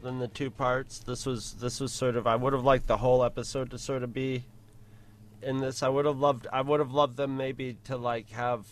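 A man's voice: medium pitch, level tone, moderate pace. A man co-hosting a podcast in casual chat, rambling and joking with playful asides. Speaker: podcast co-host.

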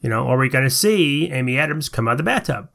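A man's voice: medium pitch, lively intonation, fast, vocal fry, fairly bright tone. A man co-hosting a podcast in casual chat, conversational with hesitant restarts. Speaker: podcast co-host.

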